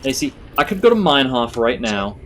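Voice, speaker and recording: A man's voice: medium pitch, sing-song, a little fast, a bit bright, faint music behind. A man giving casual let's-play commentary, chatty and thinking aloud. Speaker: gamer.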